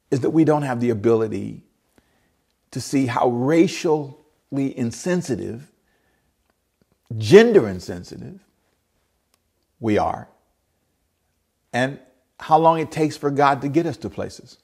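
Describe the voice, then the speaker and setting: Male pastor, gravelly voice on the high side, animated sermon delivery with loud peaks and soft drops. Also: normal speed, pauses often. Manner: animated preaching, rising to loud bursts and trailing to soft asides. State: out of breath.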